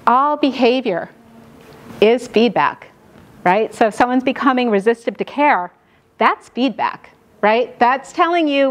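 A middle-aged New York woman lectures a class on dementia care, her voice a little high for a woman and her intonation lively. She talks fast and keeps checking in with the audience by tagging points with "right?" to pull the room along.

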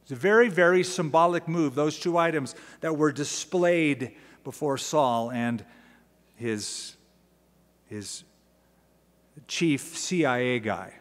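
A male pastor delivering an expository sermon in a slightly raised voice, full of lively asides and acted-out readings. The long reverb of a large church sanctuary trails after each phrase. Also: fairly high pitch, slow pace, pauses often. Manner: animated storytelling, asides and dramatic readings.

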